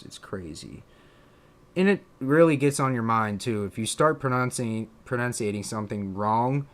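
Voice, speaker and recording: A man from Pennsylvania with a drawn-out, slightly southern accent, musing in a casual live-stream chat, full of fillers and restarts. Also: fairly low pitch. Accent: Pennsylvania, with a drawn-out southern drawl. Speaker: streamer and content creator.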